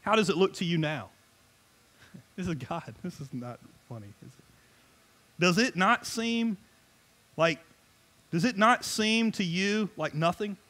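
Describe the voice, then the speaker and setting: Animated high-voiced man preaching. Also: measured pace, pauses often. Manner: animated, joking, conversational preaching with frequent laughs. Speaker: pastor. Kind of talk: sermon.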